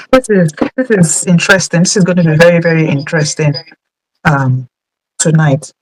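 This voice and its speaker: Halting, thoughtful woman talk-show host. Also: fairly low pitch, slight background noise, poor audio. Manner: thoughtful, halting, restarts and stacks questions.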